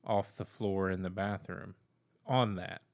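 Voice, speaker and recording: A man's voice: deep voice, steady tone, a little slow. A man co-hosting a casual episode review, blunt and laid-back, swearing now and then. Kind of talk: casual chat.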